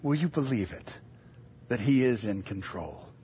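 A middle-aged man preaching a sermon as pastor, animated and telling stories, sometimes acting out other voices. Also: medium pitch, measured pace, husky.

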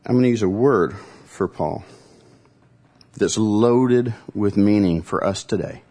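Male pastor, lowish voice, conversational sermon, dramatic pauses. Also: warm tone.

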